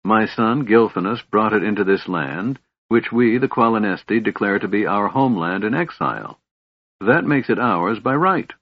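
A man's voice: on the low side, animated, moderate pace, dry recording. A man voicing an ancient, proud elf lord who speaks in a stern, commanding manner. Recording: dull, lo-fi audiobook recording.

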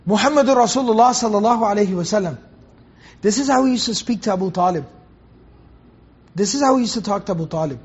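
A Quran teacher with a very high, breathy, husky voice gives an expressive commentary lesson. He speaks earnestly, returns to repeat key phrases, and slows down to recite Arabic verses, while the recording sounds dull and muffled, like lo-fi audio.

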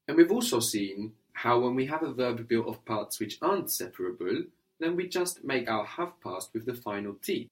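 A man teaching a spoken language lesson, patiently repeating his student's answers and explaining grammar step by step. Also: lowish voice.

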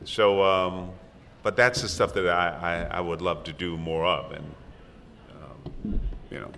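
Deep, bright-voiced older man telling stories. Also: fairly even intonation, measured pace, creaky. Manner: rambling storyteller, many restarts and laughs. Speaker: actor on a convention panel. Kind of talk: casual anecdote telling. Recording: echoey hall with faint room noise.

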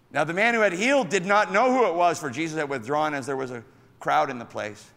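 A male pastor giving an animated sermon, calling out to his congregation. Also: medium pitch, brisk, creaky. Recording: echoey hall.

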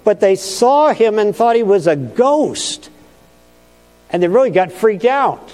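Male pastor, earnest storytelling sermon, mellow, fairly high voice, long reverb. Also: sing-song, takes it slowly.

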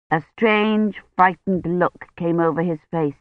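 An audiobook narrator reading a novel in a measured, even way. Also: mid-range voice, no echo. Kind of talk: scripted narration. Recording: dull lo-fi dry studio audio.

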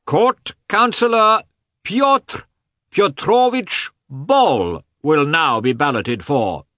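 A man voicing a uniformed election official who calls out names in a loud, shrill, formal voice. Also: big pitch swings, very slow, no echo, clean studio sound, full character voice. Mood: proclaiming.

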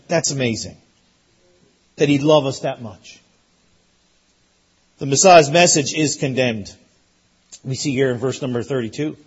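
A man preaching a sermon as pastor, emphatic and repetitive, rising to loud peaks. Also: medium pitch, steady tone, unhurried, pauses often, slightly rough, muffled recording. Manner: emphatic, repeats phrases, rises to loud peaks.

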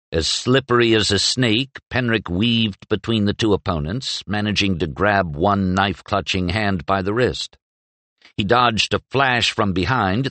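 A man reading a novel aloud as an audiobook narrator, in expressive, measured storytelling. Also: sits low, dry recording. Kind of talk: scripted narration.

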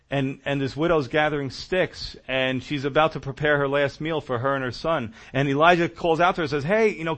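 A man preaching a sermon, telling stories in a conversational, animated way. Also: medium pitch.

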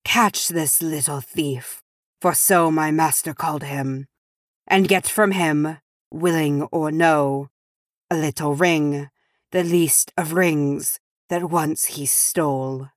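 A woman voicing a sinister male messenger of a dark lord, speaking softly and insidiously. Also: low-pitched, fairly even intonation, takes it slowly, no room sound, studio quality. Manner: insidious, curling and soft.

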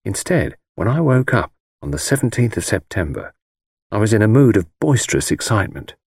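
A man narrating a novel in a measured, reflective storytelling manner. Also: on the low side, very animated, gravelly, a little mellow, husky, dry recording, clean studio sound. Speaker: audiobook narrator. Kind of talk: audiobook narration.

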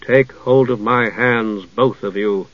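A man's voice: mid-range voice, takes it slowly, no echo, lightly acted. Brief: man reading a stern sorceress, cold and clipped, dry dull audiobook sound.

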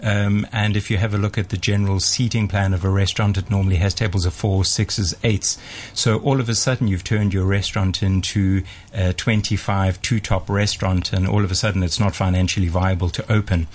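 A man with a somewhat low, husky voice talks through the business side of restaurants. He speaks in a measured, explanatory manner, laying out his points step by step in casual radio chat. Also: steady tone. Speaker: restaurateur guest.

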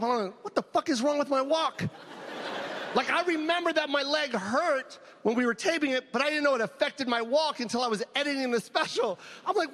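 A man doing a stand-up comedy set, loud and animated, laughing at his own jokes. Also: very high voice. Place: live comedy venue with audience.

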